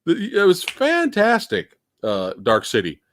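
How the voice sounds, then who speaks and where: A man's voice: high voice, a little slow, dry recording. Guy hosting a movie stream, bouncy up and down voice, laughs a lot, dead dry audio. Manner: animated, laughs often, rambling asides. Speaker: host. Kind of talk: casual livestream film chat.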